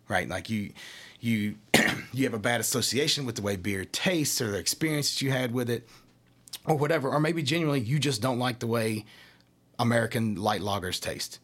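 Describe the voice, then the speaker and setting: A man from Kentucky with a somewhat husky, middle-range voice talks beer in a relaxed chat. He explains things at length and keeps asking rhetorical questions. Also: medium pitch, moderate pace. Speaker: craft brewery representative. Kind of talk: casual chat.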